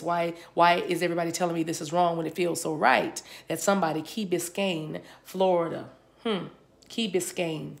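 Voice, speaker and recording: Female spiritual reader, low gravelly voice, meandering delivery. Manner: rambling, repeats words as she receives them. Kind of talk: channeled spiritual reading. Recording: spiritual reading recorded for a video.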